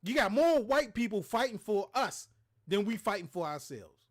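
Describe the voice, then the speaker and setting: A man's voice: high voice, very animated, normal speed. A man hosting a livestream, ranting in a heated, profane, preachy way. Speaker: show host. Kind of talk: impassioned livestream rant.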